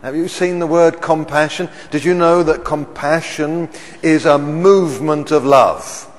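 A man preaching a sermon. He keeps asking the congregation questions and swells loud on the words he stresses. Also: fairly high pitch, steady tone, measured pace. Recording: reverberant church hall.

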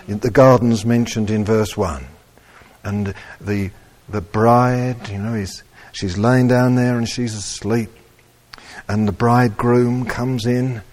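A man preaching a sermon, slow and animated, rising to loud emphatic peaks. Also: medium pitch.

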